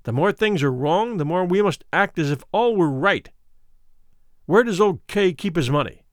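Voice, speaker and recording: A man voicing a smooth, worldly and ruthless male doctor who talks in a coolly persuasive, condescending way. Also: sits high, expressive, normal speed, no echo, clean studio sound.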